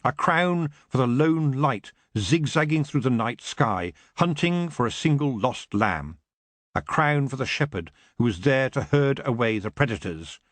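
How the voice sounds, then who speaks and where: A man narrating an audiobook in an expressive, dramatic reading. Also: mid-range voice, a little slow, no room sound.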